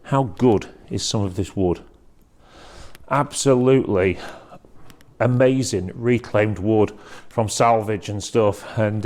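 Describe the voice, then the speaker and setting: A man with a medium-pitched, darkish voice gives a chatty walking tour of a large industrial workshop, pointing out items to be auctioned as he moves around.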